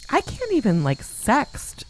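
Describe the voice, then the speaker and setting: A woman comedian from Michigan, chatting on a podcast with blunt, crude, deadpan jokes. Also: on the high side, measured pace, a crowd in the background. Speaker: stand-up comedian guest. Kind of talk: casual podcast chat.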